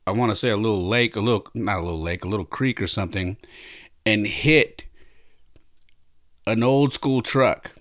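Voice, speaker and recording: A man's voice: fairly low pitch, moderate pace, pauses often, fairly bright tone, no room sound, studio quality. A man hosting a podcast, retelling a story in an emphatic, conversational way with frequent restarts. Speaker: podcast host. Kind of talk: casual storytelling.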